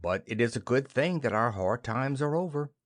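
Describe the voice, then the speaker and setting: A man's voice: medium pitch, animated, moderate pace, no echo, studio quality, lightly acted. A man voicing an indulgent, teasing husband in an audiobook play reading. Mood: fond. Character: husband Helmer, fond, teasing, patronizing.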